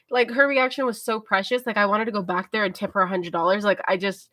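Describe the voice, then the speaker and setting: A woman's voice: medium pitch, steady tone, fast talker, sharp tone, dry recording, studio quality. Tired, chatty woman storyteller. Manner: rambling, filler-heavy, self-talking. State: tired, mellow. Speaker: livestream host. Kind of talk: casual storytelling chat.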